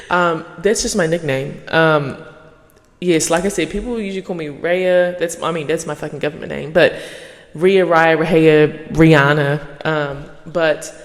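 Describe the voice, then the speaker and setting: A young woman hosting her podcast in a casual monologue, swearing freely and yapping in an animated way. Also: deep voice, in a large hall. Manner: profane, animated, fast yapping. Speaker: podcast host.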